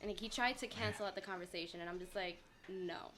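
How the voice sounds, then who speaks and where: A woman's voice: mid-range voice, fast talker, over a noisy crowd. A woman guest on a casual podcast, telling a personal story and acting out what people said. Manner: animated storyteller acting out quotes, laughs often.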